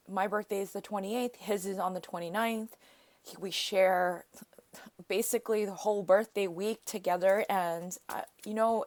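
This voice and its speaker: A woman in her thirties hosts her own craft channel in a casual, gushing way, full of exclamations. She talks at an unhurried, slow pace, with a mid-range voice. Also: mid-range voice, dry recording. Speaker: craft vlogger. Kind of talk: casual unboxing vlog.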